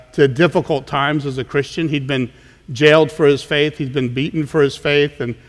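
Casting note: male pastor with a slightly high voice, chatty sermon delivery with stumbles and repeats, recorded in a big echoing sanctuary. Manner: conversational, frequent word repeats and restarts. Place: church sanctuary. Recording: long reverb of a large hall.

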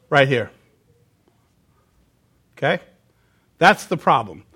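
Delivering a sermon to the church, this pastor speaks in a slightly high, somewhat bright voice. His style is conversational, punctuated by "okay?" check-ins and acted-out quotes, and he occasionally steps off the mic.

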